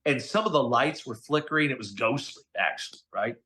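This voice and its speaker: A middle-aged man tells stories as a guest on a casual interview show. He keeps up an animated delivery and acts out the voices of the people he quotes. His voice sits at a medium pitch. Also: brisk. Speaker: guest voice actor. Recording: podcast audio.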